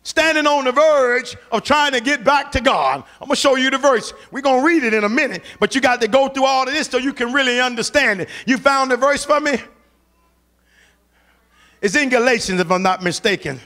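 A man's voice: very high voice, brisk, pushed and bright. A man preaching a sermon, urging the congregation on in a fervent, colloquial way and repeating phrases for emphasis.

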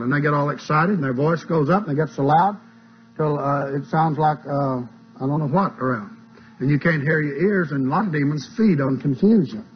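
Folksy male preacher, somewhat high voice, plain-spoken sermon, old muffled recording. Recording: dull lo-fi tape with mains hum.

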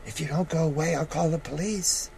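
A woman's voice: low voice, steady tone, fairly quick, vocal fry, warm tone, slight background noise, poor audio. An older man voicing a suspicious elderly mother who stammers and hesitates in a read-aloud story. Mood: wary.

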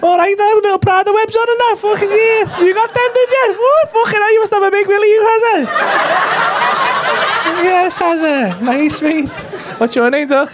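A man's voice: very high-pitched, moderate pace. A male stand-up comedian doing cheeky, sweary crowd work, teasing the front row with banter. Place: comedy club stage. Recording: live club recording with crowd noise. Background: audience laughter.

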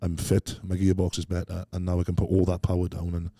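A man talking as a podcast guest, telling rambling, animated stories and dropping "mate" into almost every sentence. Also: deep voice, quick pace, no echo, clean studio sound. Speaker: podcast guest, strongman athlete. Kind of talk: casual interview chat.

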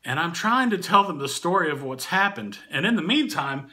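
Animated, bright-voiced man telling a story. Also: a little high, moderate pace. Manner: animated, laughing through the story. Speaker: channel host and storyteller. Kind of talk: casual anecdote telling.

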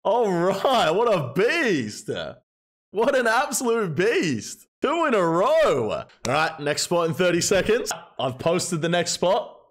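An excitable male host runs an online game event, cheering each player along. His voice swings widely and sits higher than most men's. He gets loud whenever someone does well. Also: slow. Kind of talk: excited live-stream commentary and interviews.

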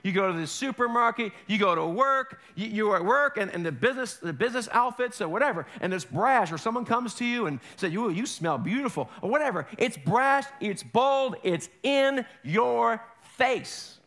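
A male pastor preaching a sermon in an animated way, acting out voices with humor. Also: extremely high pitch, normal speed, few pauses.

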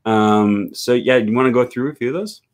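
A man's voice: medium pitch, fairly quick, clean tone. A young man from Wisconsin, hosting an easygoing chat. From Wisconsin, USA. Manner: easygoing, many fillers and laughs. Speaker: host, language YouTuber. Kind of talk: casual interview.

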